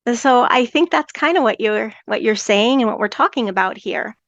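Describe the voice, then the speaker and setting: A woman's voice: fairly high pitch, expressive, normal speed, no echo, dull audio. A woman hosting a podcast, speaking earnestly with stammered restarts. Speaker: podcast host. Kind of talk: podcast conversation.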